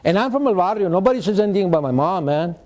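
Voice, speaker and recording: A retired man, giving an animated storytelling talk to students as a guest speaker and mixing in Spanish slang. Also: high-pitched, very fast. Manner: animated, mixes in Spanish slang, acts out quotes.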